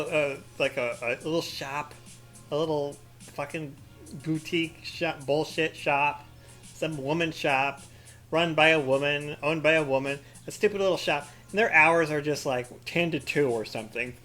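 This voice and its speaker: A man's voice: a little high, normal speed, a bit bright, faint music behind. A man giving rambling, profane let's-play commentary, full of crude jokes and sarcastic mock rants. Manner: mock-ranting with sarcastic asides. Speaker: gaming commentator.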